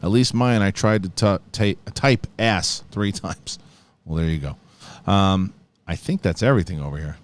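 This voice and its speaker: A man's voice: low voice, normal speed. Casual male live-stream host. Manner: relaxed, casual, with fillers.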